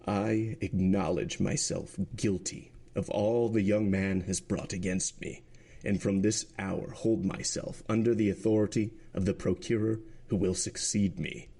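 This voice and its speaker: A man voicing a broken male prosecutor who speaks in a hoarse, faltering voice. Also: low-pitched, steady tone, dark tone, full character voice. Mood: resigned. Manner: slow, faltering, stammering.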